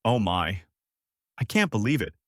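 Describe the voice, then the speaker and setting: A man's voice: fairly low pitch, big pitch swings, unhurried, a bit bright, dry recording, studio quality, full character voice. A man reading as a shy, feisty young girl. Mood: bashful.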